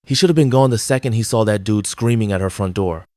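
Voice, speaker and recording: Male reaction commentator, low-pitched, dry and blunt. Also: fast talker, darkish tone, no room sound. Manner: blunt, mocking. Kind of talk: scripted commentary.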